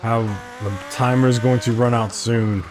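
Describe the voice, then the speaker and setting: Over some background noise, a man of medium pitch comments on his gameplay at a normal speed with fairly even intonation. He rambles casually and keeps posing questions to himself, as in a relaxed let's-play video.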